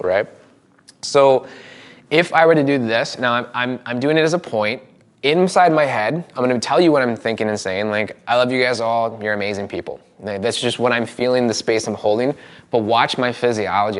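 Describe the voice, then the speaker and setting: A middle-aged man teaching a live seminar, explaining body language and demonstrating it with his body. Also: medium pitch. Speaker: NLP trainer. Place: seminar room with audience.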